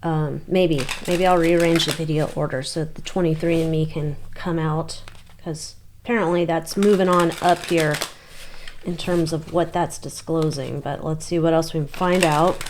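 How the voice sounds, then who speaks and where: A woman's voice: low-pitched, fairly even intonation, normal speed, background noise. A woman reading tarot cards on her channel, thinking aloud in a loose, chatty way and swearing now and then. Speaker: tarot reader. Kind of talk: casual tarot reading monologue.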